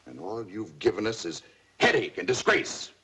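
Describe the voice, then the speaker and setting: A man's voice: fairly low pitch, expressive, normal speed, husky, full character voice. An actor playing a stern, worn-out father scolding his daughter in a 1950s TV drama. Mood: angry. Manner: stern, scolding, rising to shouts.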